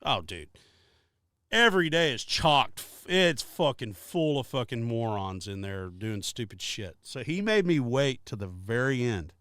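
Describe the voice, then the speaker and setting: A man's voice: medium pitch, measured pace, no room sound. Man, podcast storyteller, swears a lot, voice swings all over, dry close sound. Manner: profane, animated storyteller acting out quotes. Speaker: podcast co-host. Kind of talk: casual storytelling.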